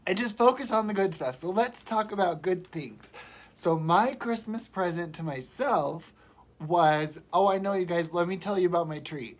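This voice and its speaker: A woman's voice: lowish voice, moderate pace, a little hiss or hum. A woman with a cold on a casual livestream from home, sounding congested and fighting back tears as she talks. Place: home, indoors. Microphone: phone or webcam on a live video.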